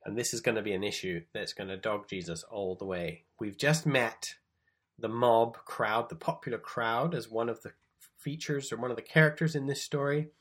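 A man's voice: mid-range voice, normal speed, fairly bright tone. A man teaching from the Gospels, explaining the text and reading passages aloud with emphasis. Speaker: preacher. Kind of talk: bible teaching talk.

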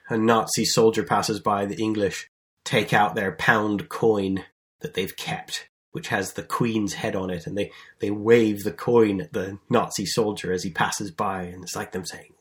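A man giving an explanatory Bible lesson, telling the story in a lively, conversational way with emphatic stresses and small restarts. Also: fairly low pitch, a little slow. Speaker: Bible teacher.

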